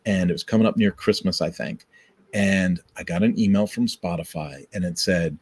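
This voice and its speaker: A man's voice: low voice, moderate pace, a little mellow, breathy edge. A man hosting his own podcast, giving earnest, encouraging advice in a casual live-streamed talk and repeating his key points. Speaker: podcast host. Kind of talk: casual motivational talk to camera.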